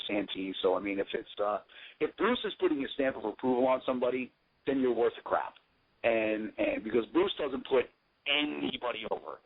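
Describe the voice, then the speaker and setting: A man, a pro wrestler guest, telling casual stories in a rambling, profane, jokey way. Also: mid-range voice. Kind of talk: casual storytelling. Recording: tinny phone line.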